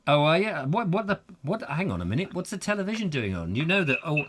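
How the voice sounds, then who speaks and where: An older man hosting a comic chat show, teasing his caller with jokey, animated banter. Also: on the high side, quick pace, a little hiss or hum. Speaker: host.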